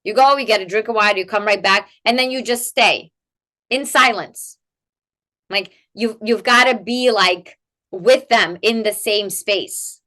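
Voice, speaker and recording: Bright-voiced animated woman expert. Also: medium pitch, unhurried. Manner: animated, rhetorical "right?" tags, many "like" fillers. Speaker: guest expert in family coaching. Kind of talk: conversational interview explanation.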